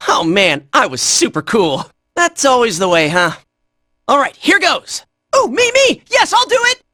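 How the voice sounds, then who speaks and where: A woman's voice: extremely high pitch, big pitch swings, takes it slowly, no room sound, clean studio sound, heavily acted. A woman playing a brash, cocky game fighter. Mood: hurt and cocky. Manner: shouted short battle cries, cocky and jokey. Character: brash cocky young fighter calling on a battle spirit. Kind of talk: video game battle voice lines.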